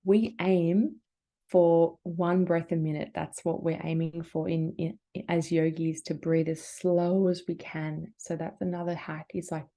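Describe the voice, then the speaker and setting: Australian woman, breathwork facilitator, mellow and low-pitched, gentle casual coaching. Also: little pitch movement, measured pace. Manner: gentle, encouraging, casual filler-heavy guidance. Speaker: workshop facilitator and yoga teacher. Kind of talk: guided breathing workshop.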